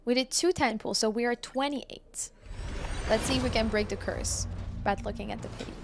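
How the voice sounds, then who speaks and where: A woman's voice: on the high side, normal speed, creaky, background noise. A woman live-streaming from home, chatting casually and answering viewers as she plays. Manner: chatty, reads chat aloud and answers viewers.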